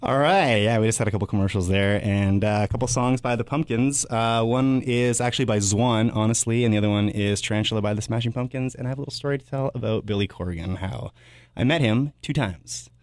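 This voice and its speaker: A man's voice: mid-range voice, a little fast, a little mellow, dry recording. A man in his thirties, a radio host telling casual, rambling stories on air with lots of filler words. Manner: rambling and anecdotal, full of "uh" and "blah, blah".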